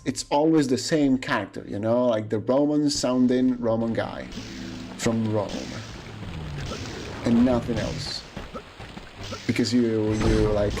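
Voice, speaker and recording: A man from Italy with an Italian accent, chatting casually and opinionatedly while streaming a speedrun, often restarting his sentences. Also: medium pitch. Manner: musing, opinionated, hesitant with restarts. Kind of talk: casual chat while gaming. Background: game music.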